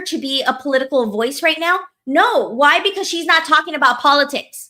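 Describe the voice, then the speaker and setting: A woman with a bright, slightly high voice rants in a casual podcast chat. She is heated and profane and leans on "like" all the time. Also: animated, a little fast. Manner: heated, profane, lots of "like" fillers. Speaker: podcast co-host.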